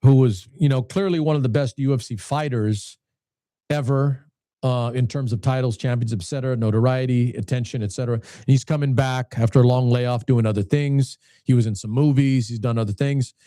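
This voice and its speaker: A man's voice: mid-range voice, steady tone, fairly quick, mellow, dry recording, studio quality. Rambling man in his fifties. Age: 50s. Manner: rambling, many restarts and repeated words. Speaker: channel host. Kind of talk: casual talk to camera.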